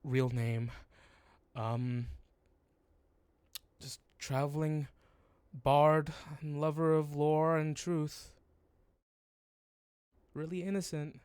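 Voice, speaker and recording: A man's voice: a little high, fairly even intonation, a little mellow, clean tone, no room sound, voice pushed up. A man doing a flustered young bard woman. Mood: innocent. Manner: rushed, stammering, nervous. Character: perky young female bard, chatty and evasive. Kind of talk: tabletop role-play voice.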